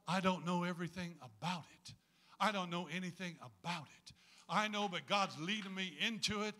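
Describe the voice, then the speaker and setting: A man preaches a sermon in a church. His voice sits high and rings very bright and sharp. He talks in a folksy, humorous way and keeps calling on the congregation to answer back. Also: moderate pace.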